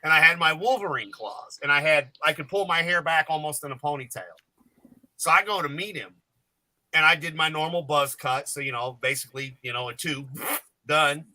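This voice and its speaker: A man's voice: a little high, moderate pace, bright, forceful tone, no room sound, rough recording. A man telling jokey, rambling, profane stories as a guest on a podcast panel. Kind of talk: casual storytelling chat.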